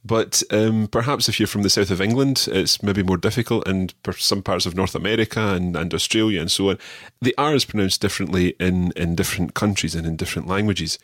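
Scottish male podcast teacher, deep and slightly husky, dry studio sound, patient explainer. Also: a little fast, a bit bright, dry recording. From Scotland. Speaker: language podcast host. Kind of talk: podcast pronunciation lesson.

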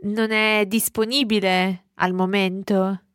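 Female co-teacher, mid-pitched, dry close sound, encouraging. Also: flat delivery, unhurried, no room sound. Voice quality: encouraging, praises the learner's answers. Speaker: co-host teacher. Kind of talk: podcast language lesson.

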